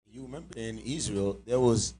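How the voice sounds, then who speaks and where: A man's voice: medium pitch, moderate pace, mellow. A man chiming in during a sermon with rhetorical questions.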